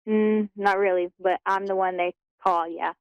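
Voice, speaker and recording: A woman calling in to a show, giving short, hesitant answers in a soft-spoken way. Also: medium pitch, no room sound, muffled recording. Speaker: caller. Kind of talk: phone call-in.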